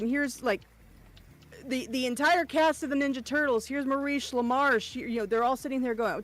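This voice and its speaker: A woman telling a lively anecdote and acting out the quotes. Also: high-pitched, a little fast. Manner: animated storyteller, acting out quotes. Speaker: voice actor guest.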